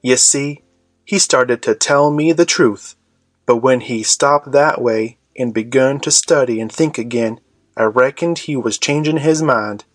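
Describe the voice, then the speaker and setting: A man narrating an audiobook in a measured storytelling manner. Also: mid-range voice, no echo, soft background music.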